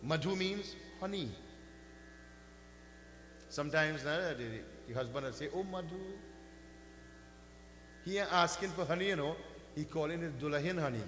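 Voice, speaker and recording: A man giving a religious discourse, telling a sacred story with slow, swelling emphasis and chanting mantras now and then. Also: on the high side, a bit bright. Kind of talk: sermon storytelling. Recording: echoey hall with faint hum.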